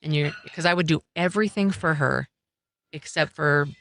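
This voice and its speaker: A middle-aged woman telling her personal story in an interview, speaking in a measured, reflective and earnest way. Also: sits low, a bit bright, no echo. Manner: measured, reflective and earnest, often quoting others. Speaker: interview guest, mother sharing her story. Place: coffeehouse.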